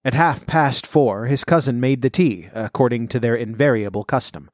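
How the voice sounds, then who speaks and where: A man narrating a classic story in an audiobook reading, measured and slowing in tense passages. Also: medium pitch, dry recording, studio quality.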